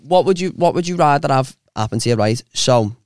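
A man's voice: medium pitch, expressive, fairly quick, a little mellow, dry recording, studio quality. A man hosting a podcast, bantering and teasing his guest in casual, sweary chat. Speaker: podcast host.

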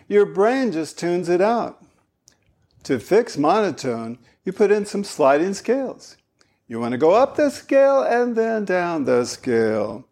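A man giving a spoken lesson as a voice coach, animated and demonstrative. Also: high-pitched, unhurried. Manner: animated, demonstrating vocal styles.

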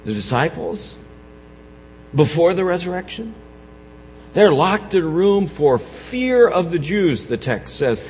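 A man's voice: big pitch swings, slow, pauses often, slight background noise. Man preaching in an echoey, dull hall. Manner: swings from soft, low reflection to loud, raised preaching; repeats words and restarts phrases. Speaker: pastor. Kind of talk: Easter sermon. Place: church sanctuary.

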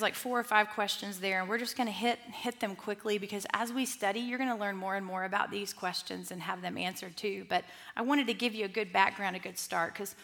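Lively woman teaching a Bible study. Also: mid-range voice. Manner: lively, conversational, with asides and restarts. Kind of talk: teaching talk to a group.

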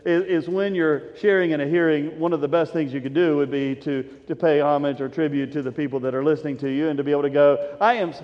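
A pastor with a fairly high voice preaches in a large hall, swinging between soft asides and loud emphasis. The sound is dull, and his words trail off into a long hall reverb. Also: fairly even intonation, fast, few pauses. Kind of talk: sermon.

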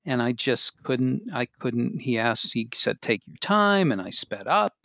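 Man, actor, wry, halting storytelling, mid-range voice, dry sound. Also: medium pitch, lively intonation, gravelly, bright, forceful tone, no echo. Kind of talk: casual chat.

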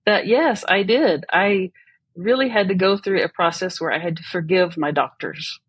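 A woman's voice: on the low side, moderate pace, husky, no echo. A woman who is a guest on a podcast interview, telling her personal story in an earnest, reflective way. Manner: earnest and reflective, laughs often.

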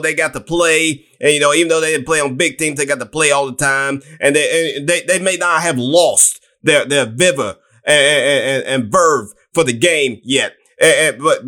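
A man on a sports talk panel, repeating himself and breaking in with "hey". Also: fairly high pitch. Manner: animated, repetitive, interjects "hey".

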